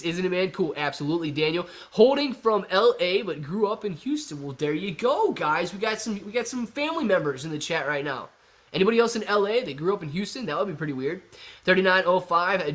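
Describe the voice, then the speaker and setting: A young man hosting a casual live stream, reading viewer chat aloud in an excitable, chatty way and calling people bro and man. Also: a little high. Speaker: livestream host reading chat.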